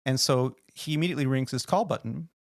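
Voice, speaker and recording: A man, a podcast host, telling animated work stories in casual chat and acting out the people in them. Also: mid-range voice, quick pace, gravelly, dry recording, studio quality. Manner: animated, acts out quoted people in his stories. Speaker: podcast host and flight attendant.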